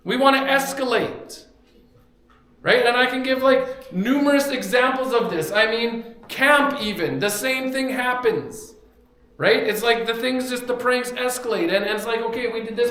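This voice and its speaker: A man's voice: very high-pitched, normal speed, a bit bright. A young man preaching a sermon in a church, telling a story animatedly and acting out the quotes. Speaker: pastor. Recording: very echoey church hall.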